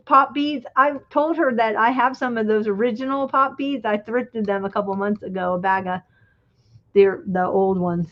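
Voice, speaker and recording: On a livestream, a middle-aged woman chats casually while crafting, reminiscing and trailing off as she works. Her voice is a little high at a moderate pace, with dull lo-fi stream audio.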